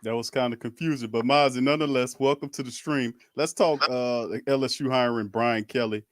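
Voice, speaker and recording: A man's voice: mid-range voice, steady tone, fairly quick, no echo, clean studio sound. A man hosting a casual sports talk stream, laid-back, slangy and chuckling. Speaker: podcast host.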